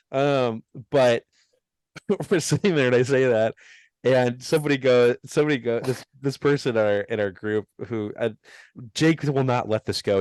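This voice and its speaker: A man's voice: medium pitch, a little mellow, clear, resonant tone, no echo. A young man co-hosting a podcast, rambling through a story with lots of laughter and self-mocking asides. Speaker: podcast co-host. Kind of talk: casual chat.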